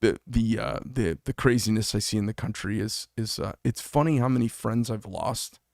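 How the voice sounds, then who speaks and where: A man's voice: on the low side, moderate pace, vocal fry, darkish tone, dry recording, studio quality. Blunt, profane middle-aged man. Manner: blunt, profane, mocking storyteller. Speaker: knife shop owner and host. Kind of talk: casual chat.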